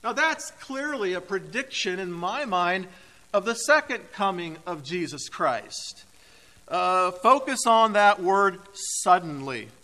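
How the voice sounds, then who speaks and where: Emphatic, high-voiced preacher in an echoing hall. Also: male voice, animated, sharp tone. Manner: emphatic, deliberate preaching with dramatic pauses. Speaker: pastor. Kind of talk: sermon. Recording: reverberant hall.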